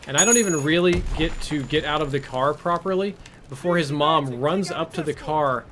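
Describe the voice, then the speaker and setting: A man's voice: fairly high pitch, normal speed, background noise. A male game streamer casually telling a rambling, crude, self-mocking story while he plays, on a headset mic.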